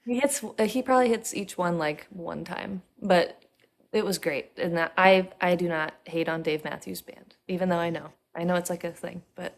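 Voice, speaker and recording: A woman's voice: lowish voice, normal speed, creaky. A woman musician talking as a podcast guest in candid, laid-back chat. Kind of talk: casual interview chat.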